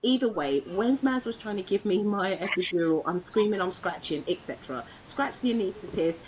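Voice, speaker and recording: A woman's voice: mid-range voice, expressive, brisk, slight background noise, rough recording. A woman co-hosting a podcast, telling a personal story in a casual chat and acting out the voices of others. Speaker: podcast co-host.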